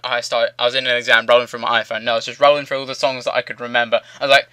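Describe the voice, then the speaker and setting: A man's voice: mid-range voice, little pitch movement, rapid-fire, pushed and bright, clear, resonant tone, no echo. A young man in his late teens hosting his channel, rambling through a cheeky, crude story in casual commentary. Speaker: channel host.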